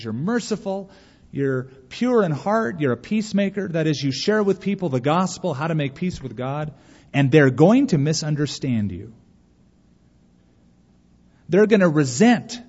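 A man's voice: a little high, a little mellow. A man preaching a sermon and reading a story aloud, earnest and emphatic, pleading at times. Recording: dull recording with long hall reverb.

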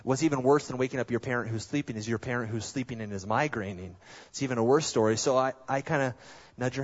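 A male pastor preaching a sermon, telling stories in an animated way with self-deprecating humor. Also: mid-range voice, fast. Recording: dull lo-fi sound.

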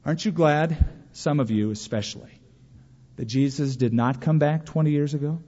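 A man preaching a sermon to a congregation, lively and storytelling, acting out imagined complaints in a raised voice. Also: a little high, moderate pace. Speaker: pastor. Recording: dull lo-fi sound with long reverb of a large hall.

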